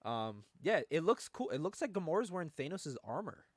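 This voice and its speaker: Animated man hosting a comics chat. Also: on the high side, fairly quick, no echo, studio quality. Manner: animated, laughing, rambling restarts. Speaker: podcast host. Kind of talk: casual chat about comics.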